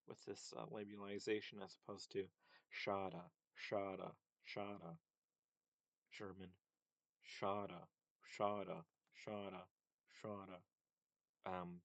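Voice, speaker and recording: A man's voice: deep voice, no room sound. A man giving a casual, hesitant lecture on linguistics, full of fillers and repeated sound demonstrations. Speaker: linguistics presenter.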